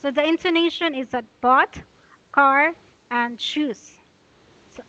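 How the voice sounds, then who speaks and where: Slow, patient woman teaching pronunciation. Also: high voice, bright, forceful tone, no room sound, dull audio. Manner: slow, patient, repeats instructions. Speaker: English teacher. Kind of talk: giving a pronunciation lesson.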